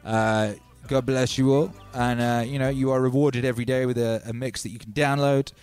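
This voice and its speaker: A man hosting a live stream, chatting in a relaxed, rambling way and giving shout-outs to his viewers. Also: medium pitch, normal speed, smooth, soft background music. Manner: laid-back and rambling, reading out chat shout-outs. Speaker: livestream host. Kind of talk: casual live-stream chat.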